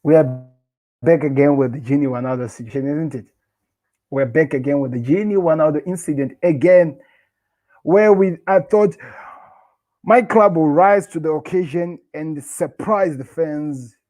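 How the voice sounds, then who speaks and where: A young man hosts a casual football video, talking straight to his viewers. He rants with animated frustration and circles back over the same points. His voice is a little high but soft and mellow in tone. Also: normal speed. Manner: animated, repetitive, frustrated ranting. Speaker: host. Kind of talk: casual football rant to camera.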